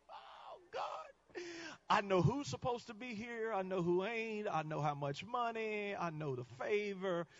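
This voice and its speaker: A male guest preacher delivering a sermon, swinging between quiet teaching and shouted climaxes. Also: high voice, normal speed, muffled recording.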